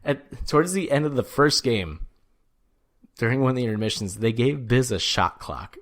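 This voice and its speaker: A man's voice: medium pitch, lively intonation, normal speed. A man co-hosting a podcast, telling a story in casual chat with a loose, swearing manner. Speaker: podcast co-host.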